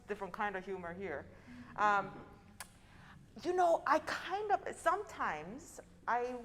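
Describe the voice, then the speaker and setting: A woman's voice: on the high side, slight background noise. A young adult woman coaching a piano student in a masterclass, encouraging and singing out rhythms with syllables. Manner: encouraging, sings out rhythms with syllables, restarts phrases. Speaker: piano teacher leading a masterclass. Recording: long hall reverb with piano.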